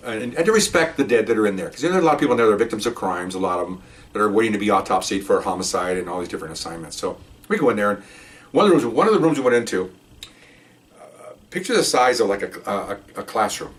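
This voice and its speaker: A man's voice: lowish voice, big pitch swings, fast, recorded from a distance. A middle-aged man, a retired police officer, rambling through a story in casual talk and voicing the people in it. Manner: rambling, acts out quotes in a raised voice.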